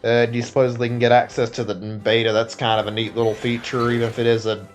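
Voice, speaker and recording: A man's voice: medium pitch, level tone, quick pace, soft background music. Tired, rambling male game streamer. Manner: rambling, hedging with many "like"s and restarts. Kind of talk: casual live-stream chat.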